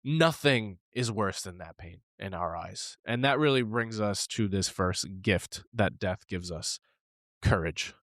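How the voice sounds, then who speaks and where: This is a man in his thirties co-hosting a podcast, his voice sitting a little low. He tells a personal story in an animated, candid way and laughs easily. The sound is dry and close, with no room around it. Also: unhurried, no echo. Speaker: podcast co-host.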